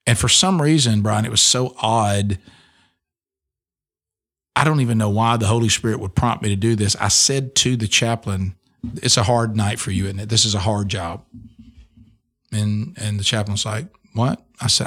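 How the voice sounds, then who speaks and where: A middle-aged man with a fairly low voice tells a personal testimony on a podcast. He speaks earnestly and often restarts his sentences as he goes. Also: moderate pace, fairly bright tone. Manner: earnest storytelling with many restarts. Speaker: radio host and speaker.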